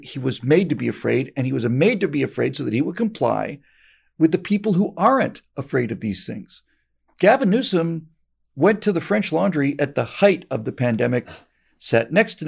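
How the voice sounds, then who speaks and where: Gravelly, husky male commentator. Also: a little high, a little mellow. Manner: emphatic, repeats words when restarting. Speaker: show host. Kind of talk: political commentary.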